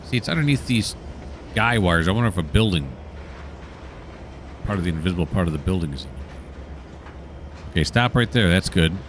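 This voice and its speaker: A man's voice: low-pitched, expressive, brisk, pauses often, a little hiss or hum. A man casually commentating his train-simulator play, chatty and mildly sarcastic, talking to himself and the game. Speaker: gaming channel host.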